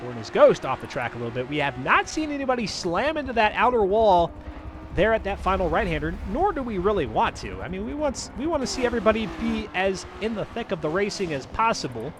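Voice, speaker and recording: High-voiced chatty male race commentator. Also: big pitch swings, fairly quick, background noise. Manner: chatty, rambling, talks to chat viewers. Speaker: race commentator and stream host. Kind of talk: live sim racing commentary.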